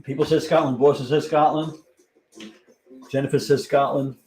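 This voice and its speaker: A man's voice: fairly high pitch, level tone, normal speed, darkish tone, soft background music, low-quality recording. A man hosting a live-stream trivia game, chatting casually and reading out viewers' answers as they come in. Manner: chatty, thinks aloud, reads out viewer answers. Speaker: livestream trivia host.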